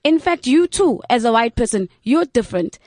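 A woman's voice: a little high, big pitch swings, normal speed, a little mellow, no room sound. Earnest woman, close and dry. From South Africa. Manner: earnest, building points in long lists. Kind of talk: discussion.

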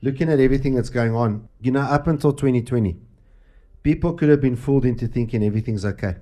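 A man's voice: medium pitch, quick pace, mellow. A man hosting a Christian talk show, preaching earnestly about the cross with frequent restarts. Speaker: host.

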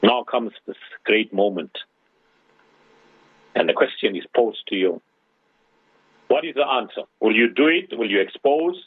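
A man's voice: mid-range voice, animated, unhurried, pauses often, breathy edge, no echo. A male radio host giving religious advice to callers and listeners, preaching with rhetorical questions. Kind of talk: radio Islamic advice talk. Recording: tinny phone-line sound, dry.

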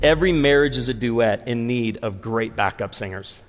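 A pastor in his forties preaching a humorous, story-driven sermon to a live audience, animated and acting out dialogue. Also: medium pitch, normal speed, soft background music. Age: 40s. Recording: long hall reverb.

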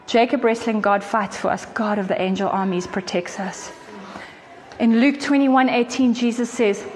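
A woman preaching a sermon in an earnest, conversational way, with quick asides to her listeners. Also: mid-range voice. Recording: faint hall reverb and noise.

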